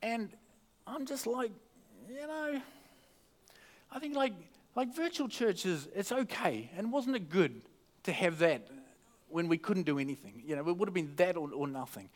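A man's voice: sits high, very animated, moderate pace. A man preaching a casual sermon at a church service into a microphone, chatty and joking, often restarting his sentences. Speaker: pastor.

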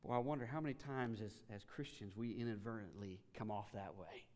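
A man preaching a sermon as a pastor, telling the story in a casual, animated way with frequent restarts. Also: lowish voice, brisk, in a large hall.

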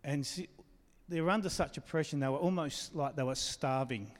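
A man's voice: on the high side, normal speed, long reverb tail. A man preaching a sermon as pastor, talking conversationally and asking the congregation questions.

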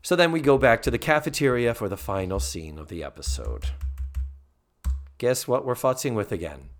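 Animated man recapping a TV episode. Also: medium pitch, normal speed, faint music behind. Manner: animated, mimics characters' lines in recaps. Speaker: podcast co-host. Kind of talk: casual episode recap chat.

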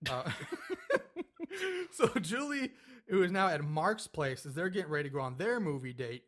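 A man casually recapping a movie scene by scene in a relaxed podcast chat, rambling and laughing and acting out lines from the film. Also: a little high, normal speed.

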